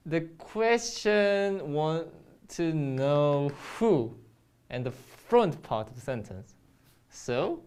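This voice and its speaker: Young teacher doing an online grammar lesson, stops a lot, mid pitch, keeps asking the viewer stuff. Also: a little mellow. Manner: hesitant, many pauses, quizzing the viewer. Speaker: Korean language teacher.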